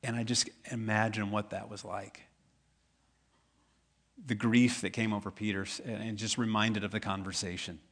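A man from Tennessee, a pastor preaching a sermon in an animated, joking storytelling manner. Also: fairly low pitch, normal speed.

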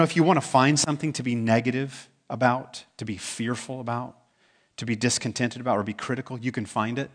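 A man preaching a sermon as pastor, talking in a conversational way and asking the congregation questions. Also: mid-range voice. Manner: acts out quoted voices in the stories.

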